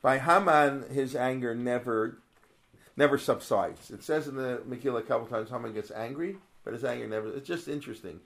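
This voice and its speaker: Brisk and creaky, his mid-range voice slightly bright, a religious studies teacher gives a casual Torah lesson. He asks rhetorical questions and quotes Hebrew verses, with many digressions and restarts.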